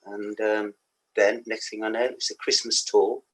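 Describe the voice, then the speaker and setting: Husky-voiced Black Country man telling stories. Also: lowish voice, little pitch movement, moderate pace, poor audio. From England. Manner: rambling anecdotes with laughs and asides. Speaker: guest musician. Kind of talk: casual podcast interview.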